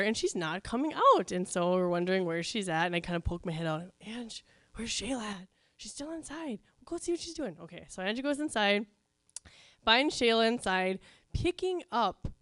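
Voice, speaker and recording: A woman's voice: medium pitch, smooth, no echo. A woman telling a funny personal story to a live crowd in a chatty, wry, self-mocking way, with plenty of ums.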